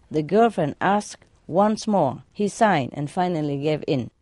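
A woman's voice: sits low, expressive, measured pace, hardly any pauses, warm tone, no echo, studio quality. A woman reading jokes aloud in a casual way, laughing at her own punchlines. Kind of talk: casual joke telling.

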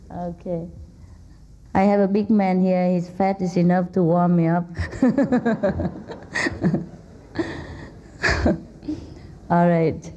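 A woman's voice: fairly low pitch, mellow, slight background noise. A woman speaker giving an informal spiritual talk to a live audience, joking and laughing often as she chats with the people around her. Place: indoor hall with a seated audience. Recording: dull lo-fi recording.

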